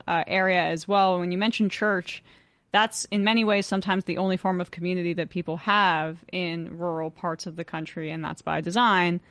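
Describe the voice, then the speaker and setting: A woman hosts a call-in talk show, asking her caller questions with some hesitation. Her voice sits fairly low for a woman. The sound is dry and close. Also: no echo. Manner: inquisitive, hesitant phrasing.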